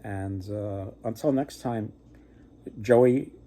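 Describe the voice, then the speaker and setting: A man's voice: on the low side, very slow, mellow. A man hosting a casual myth retelling, rambling with lots of fillers and joking asides. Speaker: mythology storyteller host.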